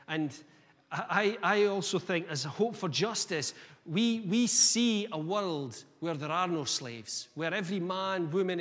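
A man preaching a sermon, energetic and conversational, asking the listeners questions. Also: high voice. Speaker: guest preacher. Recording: long reverb of a hall.

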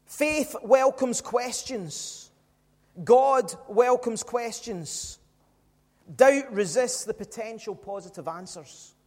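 A man preaching with a strikingly high voice, leaning hard on his points and throwing rhetorical questions at the congregation. His words ring out with a long reverb from a church hall. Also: slow pace, darkish tone. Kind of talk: sermon.

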